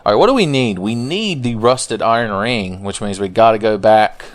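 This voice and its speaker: A man's voice: fairly low pitch, expressive, moderate pace. A man giving let's play commentary in a jokey, profane, rambling way. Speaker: gameplay commentator.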